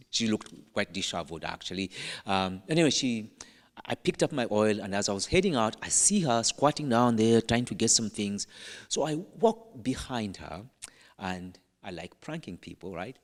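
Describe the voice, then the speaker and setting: A Catholic priest with an African accent, preaching a sermon as a playful, humorous storyteller with dramatic pauses. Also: male voice, on the low side, big-room sound.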